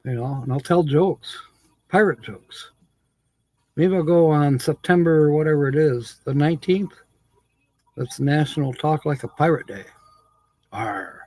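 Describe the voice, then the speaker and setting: A man's voice: on the high side, normal speed, dark tone, no room sound. A man hosting a live stream, chatting casually with viewers, laughing often and reading comments aloud.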